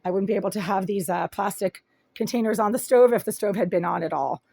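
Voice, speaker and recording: A raspy-voiced woman filming a first-person complaint video in a small apartment room on a handheld phone, talking in an aggrieved, detailed and insistent way. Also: mid-range voice, fast, dark tone, no echo. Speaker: vlogger.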